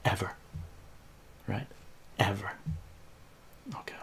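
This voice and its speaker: A man, telling a story on a live stream in a casual, profane, animated way, often tagging his lines with "right?". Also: slow, whispered. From Iran.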